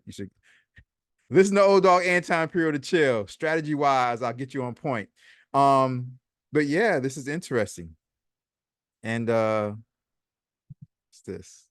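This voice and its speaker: A man's voice: mid-range voice, moderate pace, no room sound, studio quality. A man hosting a casual commentary vlog, chatty and sarcastic, reading posts aloud and adding his own comments. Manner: chatty, sarcastic, repeats himself. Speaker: host.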